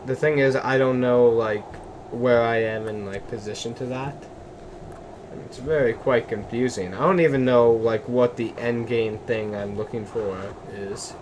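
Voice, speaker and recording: A man's voice: mid-range voice, steady tone, a little slow, a little mellow, a little hiss or hum, low-quality recording. A man giving nervous, jittery commentary as he plays a game, muttering and then exclaiming. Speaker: let's play gamer. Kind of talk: gaming commentary.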